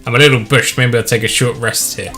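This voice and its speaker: A man's voice: medium pitch, steady tone, a little fast, pushed and bright, faint music behind. A man voicing a scruffy, good-natured police detective in a video game, folksy and calling everyone pal. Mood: gruff friendly. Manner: folksy, says pal and buddy.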